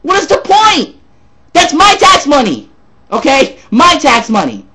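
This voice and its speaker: High, animated ranting man. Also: measured pace. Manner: loud, profane, repetitive ranting. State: slightly sore voice from yelling. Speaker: sports ranter. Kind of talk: angry sports rant vlog.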